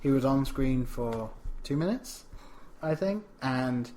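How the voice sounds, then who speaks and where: A male podcast co-host in casual chat about a film, talking in a loose, rambling way with frequent chuckles. His voice sits at a middle pitch for a man. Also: animated, takes it slowly, warm tone, a little hiss or hum. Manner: rambling, chuckles often, reads listener tweets aloud.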